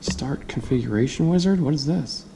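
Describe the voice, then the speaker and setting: A man's voice: medium pitch, lively intonation, moderate pace, creaky, warm tone, a little hiss or hum. A man giving a casual hands-on product review, chatty, thinking aloud and laughing easily.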